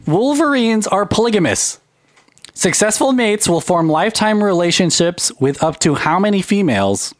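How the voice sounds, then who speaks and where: A man's voice: sits high, normal speed, no echo. A man hosting a casual podcast, quizzing his friends with laughter and swearing. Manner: animated, laughing, profane. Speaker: podcast host and quizmaster.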